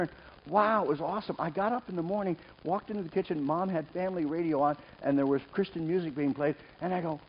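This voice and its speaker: A man preaching a sermon in church, lively and joking, calling on members of the congregation by name. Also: sits high. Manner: lively, jokes with the congregation, calls out names. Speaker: pastor. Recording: dull sound with faint noise.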